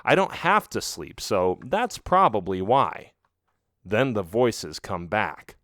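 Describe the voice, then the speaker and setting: A man's voice: lowish voice, very animated, takes it slowly, fairly bright tone, no echo. A man narrating a children's audiobook in the first person, reading expressively into a close mic.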